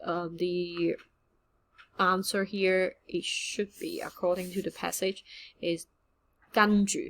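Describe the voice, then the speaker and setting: Woman, unhurried teacher, casual lesson, lots of ums and uhs. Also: lowish voice. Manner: relaxed, chatty, mixes English with Cantonese examples, frequent fillers. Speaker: Cantonese teacher. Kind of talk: casual online language lesson.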